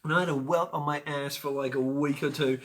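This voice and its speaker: Man in his forties, bright voice, somewhat high, animated storytelling, chatty with fillers. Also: brisk. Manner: animated, acts out scenes with sudden loud outbursts; chatty with frequent fillers and restarts. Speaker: show host. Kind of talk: personal storytelling to camera.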